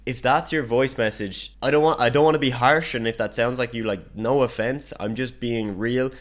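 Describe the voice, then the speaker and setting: A man's voice: medium pitch, steady tone, normal speed. A young man giving an online marketing lesson in a direct, emphatic coaching manner.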